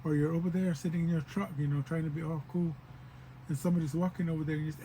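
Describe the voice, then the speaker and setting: A man teaching a language in a casual spoken lesson, patiently repeating words slowly to show how they are pronounced. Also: a little high, steady tone, mellow, slight background noise, poor audio.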